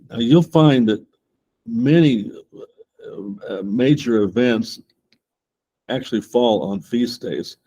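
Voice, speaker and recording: A man with a low, mellow voice leads a Bible class. He reads the scripture in an even, steady way, then drifts into relaxed asides full of restarts. The tone stays plain and unhurried, like a teacher talking to a small group. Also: lo-fi sound. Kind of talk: Bible study lesson, reading scripture with commentary.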